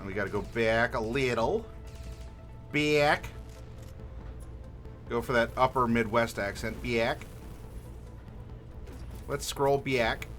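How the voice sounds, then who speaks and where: A man hosting a livestream as game master, friendly and unhurried, asking chat for dice rolls and pausing with fillers. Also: mid-range voice, a bit bright, faint music behind. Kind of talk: livestream character creation, talking to chat.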